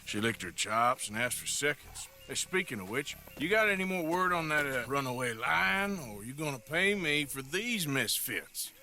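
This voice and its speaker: An actor playing a gruff frontier outlaw, speaking in a dry, drawling manner. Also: male voice, mid-range voice, very animated, moderate pace, few pauses, sharp tone, full character voice. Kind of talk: video game cutscene acting.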